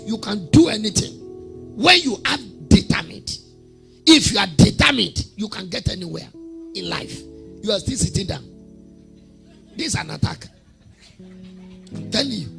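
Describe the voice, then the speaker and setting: A man with a Nigerian accent preaching a sermon, telling humorous stories with mimicked voices and shouting prayer lines for the congregation to repeat. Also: sits high, gravelly. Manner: humorous storytelling, mimics congregants, laughs often. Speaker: prophet preaching.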